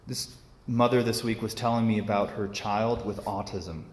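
A man's voice: on the low side, fairly even intonation, moderate pace. A man preaching a homily in a loose, conversational way, full of fillers and restarts. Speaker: priest. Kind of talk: sermon. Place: church. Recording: echoey church hall.

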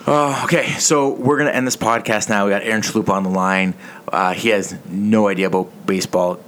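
Low-voiced rambling podcast host, a man. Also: steady tone, brisk, fairly bright tone. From Canada. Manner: swearing, rambling storyteller. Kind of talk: casual sports podcast chat.

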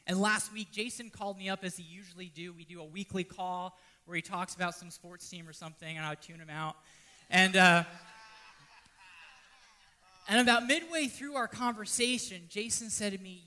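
A man preaching a sermon, swinging from loud pleading to hushed, almost whispered lines. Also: high voice, normal speed. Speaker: pastor.

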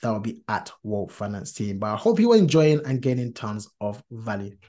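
A man's voice: fairly low pitch, big pitch swings, normal speed, mellow. A man hosting a casual podcast chat, earnest and talkative, with many fillers and restarts, laughing easily. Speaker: podcast host.

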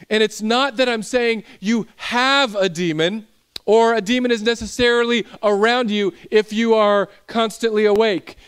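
A man's voice: sits high, clear, resonant tone. A young male pastor preaching a sermon, telling a personal story and building into intense preaching.

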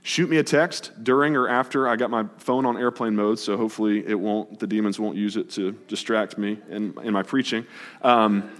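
A man preaching to his congregation, casual and brisk, moving quickly between scripture and plain explanation. His medium-pitched voice carries a long reverb tail off the walls of the church sanctuary. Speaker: pastor. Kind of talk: sermon.

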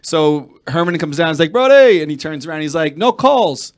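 A man with a somewhat high voice hosts a sports talk show. He talks loosely and casually, often stopping and restarting his sentences. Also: level tone, smooth. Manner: casual, rambling, halting restarts. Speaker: host.

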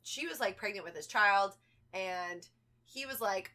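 A woman's voice: medium pitch, normal speed, pushed and bright. A woman co-hosting a podcast, telling stories in casual, swear-filled chat with many likes. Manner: chatty storytelling, swears often, says like a lot. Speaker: podcast co-host.

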